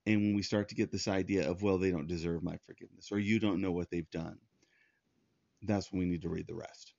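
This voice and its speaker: A man's voice: low-pitched, fairly even intonation, fairly quick, vocal fry, darkish tone, no room sound, muffled recording. A man preaching a sermon, teaching in an earnest, conversational way and often restarting his sentences. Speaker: pastor.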